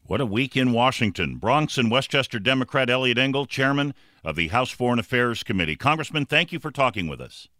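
Bright-voiced male news interviewer. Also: medium pitch, expressive, no echo, studio quality. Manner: direct, brisk questions. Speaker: radio interviewer.

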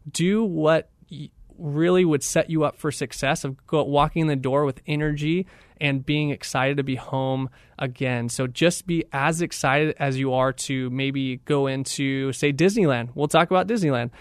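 Appearing as a radio guest, a young training director gives an enthusiastic, motivational talk, acting out the voices of people in his stories. His voice sits on the high side at a normal pace, with no echo.

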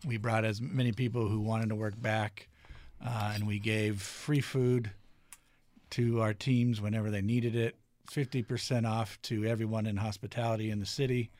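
A man's voice: on the low side, flat delivery, moderate pace, darkish tone, no room sound. A man who co-owns a restaurant, answering interview questions in an easygoing way with many filler words. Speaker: restaurant co-owner, guest.

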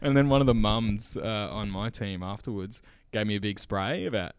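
A young male podcast co-host tells stories in a casual chat, laughing, swearing and loudly acting out quoted voices. His voice is fairly low, clear and resonant, at a moderate pace.

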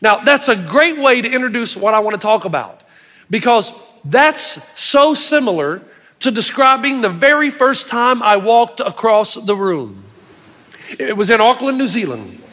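A man's voice: very high-pitched, very animated, measured pace, bright, forceful tone, big-room sound. A middle-aged man preaching a sermon, telling stories with emphatic asides to the congregation. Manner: storytelling, emphatic with audience asides.

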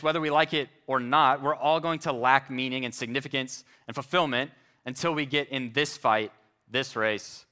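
Male pastor, sermon delivery, earnest and emphatic, bright tone. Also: smooth. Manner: earnest preaching, slows and drops low on key phrases.

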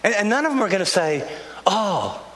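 A man's voice: sits high, big pitch swings, racing, fairly bright tone, a little hiss or hum. Earnest older male pastor preaching in a hall. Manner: earnest, conversational preaching with frequent restarts. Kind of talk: sermon. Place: church sanctuary. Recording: long hall reverb, faint ambience.

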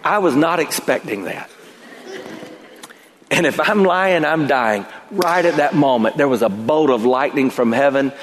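A middle-aged pastor with a drawl, his slightly high voice ringing with a long church reverb. He tells a personal story from the pulpit, building to emphatic peaks. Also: animated, a little slow, a little hiss or hum. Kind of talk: sermon. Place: church sanctuary.

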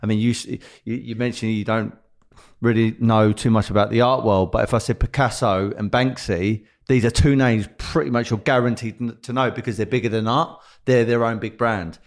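A man's voice: mid-range voice, fairly even intonation, moderate pace. A man hosting a podcast, asking long, winding questions with restarts and fillers. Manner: rambling, searching questions. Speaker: podcast host. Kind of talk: casual podcast interview.

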